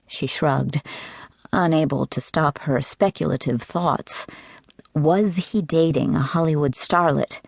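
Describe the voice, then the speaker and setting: Woman narrator, audiobook romance, low voice, slow and measured, dry close sound. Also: creaky, husky, dry recording. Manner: measured, even reading.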